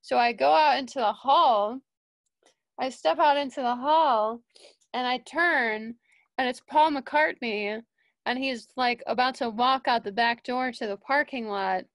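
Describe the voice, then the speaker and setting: A young woman and studio manager telling a casual story, full of fillers and restarts, jumping higher when she quotes people. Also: a little slow, fairly bright tone, no echo.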